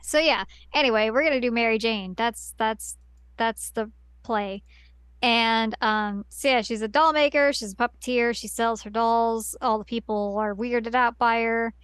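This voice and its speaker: A woman's voice: a little high, measured pace, fairly bright tone, smooth, no echo. A woman on a podcast, casually recapping a story at length with lots of fillers and restarts. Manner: rambling plot recap with many fillers. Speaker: podcast co-host. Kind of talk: casual chat.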